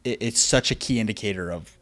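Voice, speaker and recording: This podcast host is a man in his thirties running a casual interview, with a lowish, slightly bright voice and a fast delivery. He talks loosely, leaning on "dude" and "like" constantly.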